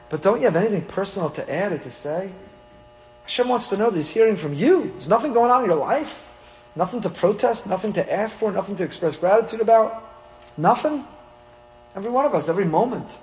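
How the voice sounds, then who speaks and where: A man, a rabbi, teaching a weekly Torah class in an animated way, acting out little dialogues with humor. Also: high voice, a little fast. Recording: long hall reverb.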